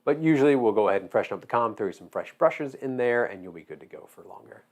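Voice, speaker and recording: A man from Georgia with a Southern accent, his voice going hoarse, chatting casually and rambling while he builds a model. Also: on the low side, fast talker. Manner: relaxed, rambling, drawling. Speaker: hobby shop owner.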